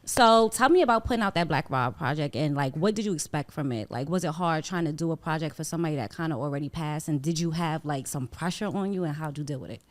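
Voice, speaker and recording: A woman's voice: low-pitched, fast, few pauses. A woman, co-hosting and asking casual questions with some hesitation. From New York. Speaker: co-host. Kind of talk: casual interview.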